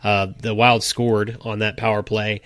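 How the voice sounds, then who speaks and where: A man's voice: lowish voice, little pitch movement, unhurried, a bit bright, dry recording, studio quality. A man co-hosting a casual sports podcast, chatty and laughing often as he tells stories. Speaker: podcast co-host.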